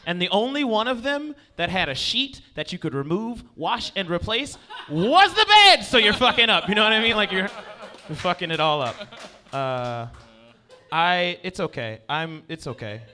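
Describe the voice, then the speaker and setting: A man's voice: sits high, sing-song, moderate pace, bright, forceful tone. A male comedian doing a stand-up set on stage, rambling and self-deprecating and often checking in with the crowd. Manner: rambling, self-deprecating, keeps asking "you know what I mean". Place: stage before a live audience.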